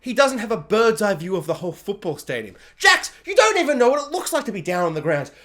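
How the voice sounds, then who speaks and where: An animated man reviewing a series in a casual, joking way, often breaking into quick impressions. His pitch swings widely as he talks, rising sharply when he gets excited. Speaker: video reviewer. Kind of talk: casual spoken film review.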